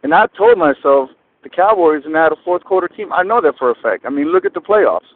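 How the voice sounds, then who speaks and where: A man's voice: on the high side, expressive, a little fast, dry recording. A man from Texas calling in to a show, an eager, rambling, fired-up fan. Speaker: caller. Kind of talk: excited phone-in call. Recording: tinny phone line.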